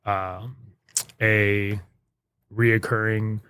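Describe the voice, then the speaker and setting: A man's voice: lowish voice, little pitch movement, extremely slow, sharp tone, clean tone, no echo. A young man, chatting casually as a podcast guest about his music and baking. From Memphis. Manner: laid-back, many fillers and restarts.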